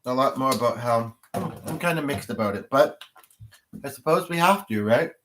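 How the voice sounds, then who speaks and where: A man's voice: medium pitch, expressive, moderate pace, noisy background. A man hosting a livestream, chatting casually with viewers, rambling and thinking aloud as he goes. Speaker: livestream host.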